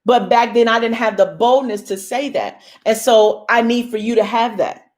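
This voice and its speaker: A woman's voice: on the high side, steady tone, normal speed, darkish tone. A young woman hosting a casual motivational talk to her viewers, emphatic and bold like a preacher. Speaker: host.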